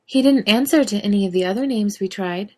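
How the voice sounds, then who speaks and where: A woman voicing an awkward young female pet store clerk who lisps and reads haltingly from a script. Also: mid-range voice, dark tone, close to an everyday voice. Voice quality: lisping, slurping. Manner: hesitant, reading from a script.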